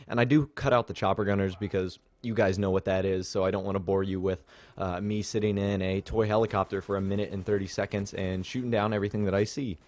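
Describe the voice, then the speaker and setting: A man's voice: on the low side, little pitch movement, quick pace, a little mellow. A young man talking casually and rambling over his gameplay footage, sharing thoughts with his channel's viewers. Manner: casual, rambling, chatty with fillers. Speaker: gaming channel host. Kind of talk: gameplay commentary.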